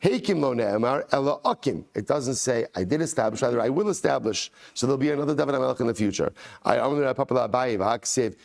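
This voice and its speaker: A rabbi leads a daily Talmud class, chanting the original text before explaining it conversationally with excited emphasis and repeated phrases. His voice is mid-range and gravelly, and he speaks quickly.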